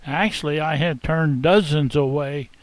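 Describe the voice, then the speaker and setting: A man telling a first-person dramatic monologue as an innkeeper, theatrical and expressive, savoring the tale. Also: fairly high pitch, a little slow, low-quality recording. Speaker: storyteller.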